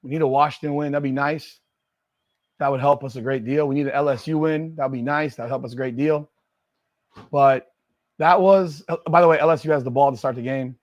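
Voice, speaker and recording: This man's voice is medium-pitched and a little fast, recorded with no echo and with the highs cut off. He hosts a sports live stream built around a football watch party, reacting to plays, ranting about rankings, and shouting and repeating himself like an excited fan.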